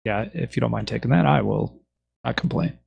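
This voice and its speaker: A man co-hosting a podcast, chatting in an easygoing, halting way while setting up. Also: mid-range voice, creaky, a little mellow, breathy edge, lo-fi sound. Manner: easygoing, hesitant. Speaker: podcast co-host. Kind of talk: casual pre-show chat.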